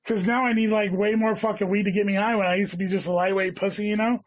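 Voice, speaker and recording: A man's voice: high voice, fairly even intonation, fast. A man, a guest comedian, telling a long casual story and swearing often, saying "dude" all the time. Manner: rambling, heavy swearing, says "dude" constantly. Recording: dull lo-fi sound.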